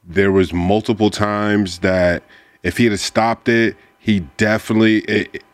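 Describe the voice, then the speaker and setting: Halting, low-voiced co-host man. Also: clean tone, no echo. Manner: relaxed and halting, restarts his sentences. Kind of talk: casual sports chat.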